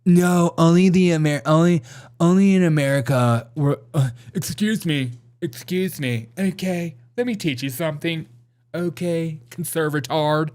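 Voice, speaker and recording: A man's voice: a little high, measured pace, a little mellow. A man hosting a comedy news show, commenting sarcastically on a video and laughing often.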